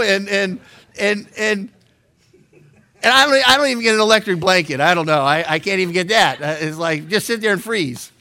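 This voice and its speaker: Man, middle-aged, pastor, Bible teaching, bright tone, chatty and joking, stumbles and restarts. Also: sits high, moderate pace. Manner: conversational and joking, with frequent stammered restarts.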